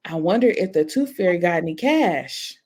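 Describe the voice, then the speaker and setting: A woman, co-hosting a podcast in a lively, laugh-filled storytelling way. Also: fairly low pitch, moderate pace, breathy edge. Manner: animated storytelling, laughs often. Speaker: podcast co-host. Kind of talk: casual chat.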